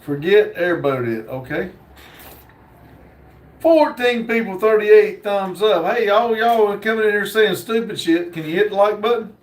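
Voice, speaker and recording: A man hosts a livestream and reads viewer comments out in a slow, relaxed drawl, pausing often and joking as he goes. His voice sits high for a man. The sound carries a roomy echo. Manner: slow drawl, unhurried, joking, with frequent "uh" pauses. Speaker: livestream host. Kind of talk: casual livestream chat, reading viewer comments aloud.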